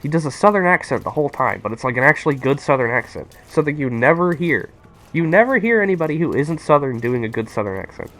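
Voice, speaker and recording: An excitable young man rambles to his chat while he plays a game on stream. His voice sits a little high for a man and jumps all over the place as he gets worked up. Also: quick pace. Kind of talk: casual live-stream chat while gaming.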